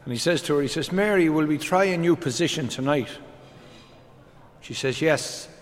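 An older man, telling a string of deadpan one-liner jokes on stage. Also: a little high, normal speed, big-room sound. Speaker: comedian. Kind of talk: stand-up joke telling.

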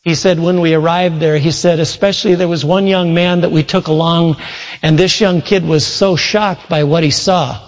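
A preacher with a slightly high voice tells a long story in an earnest sermon, giving voice to each person in it. His words ring out with a long reverb through a large church hall. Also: steady tone, moderate pace. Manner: retells a story with many quoted voices, earnest. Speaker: pastor.

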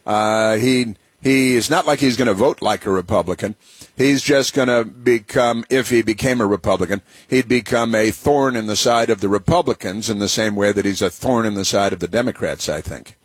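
A man's voice: lowish voice, normal speed, slightly rough, no echo. Sarcastic talk radio host man. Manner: sarcastic, rambling with many fillers.

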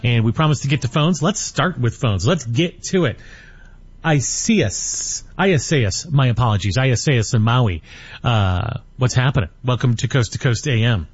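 A man hosting a call-in radio show who introduces guests and takes calls in a brisk, direct way. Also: medium pitch, animated, husky, dry recording. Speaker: radio host. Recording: dull audio with faint music.

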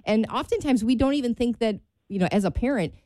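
A woman's voice: fairly high pitch, animated, fast, dark tone, dry recording. A woman co-hosting a faith-based radio talk show, who speaks in a chatty, reflective way, laughs easily and acts out inner voices.

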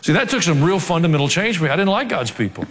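Here the pastor speaks fast in a fairly high, very animated voice with a fairly bright tone. His sermon alternates joking asides with emphatic exhortation delivered in a rising manner, and the sound has a long hall reverb.

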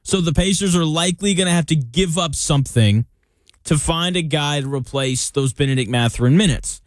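A man's voice: a little high, a little fast, no echo. A young man hosting a sports talk show, giving opinionated, conversational commentary with jokey asides.

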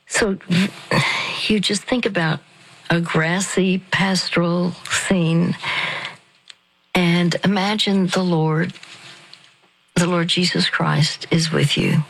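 An older woman hosting a Christian radio program, speaking slowly and softly with many pauses and restarts. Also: lowish voice, creaky, poor audio. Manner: slow, soft, halting with restarts. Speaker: radio ministry host. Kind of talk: gentle spoken counsel.

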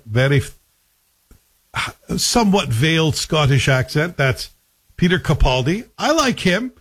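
A man talks through a TV series in a loose, conversational review. His voice sits a little high, and he is wry, often putting questions to the listener. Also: very animated, unhurried, a bit bright. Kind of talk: casual spoken TV review.

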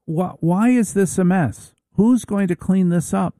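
A man voicing a nagging, shrill middle-aged wife who fires off accusatory questions. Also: a little slow, mellow, no echo, studio quality. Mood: irritated.

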